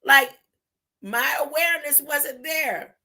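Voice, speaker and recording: High, bright-voiced woman preaching slowly. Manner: emphatic, tags points with a rising "huh?"; drawn-out, deliberate phrasing with sudden loud bursts. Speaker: spiritual video preacher. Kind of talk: impassioned spiritual monologue.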